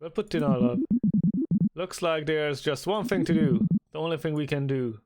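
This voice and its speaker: A man streaming a story game, reading its text aloud and chatting, often halting and restarting. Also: on the high side, soft background music. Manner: halting, with many restarts and fillers; shifts to a louder, animated voice when reading and acting out lines.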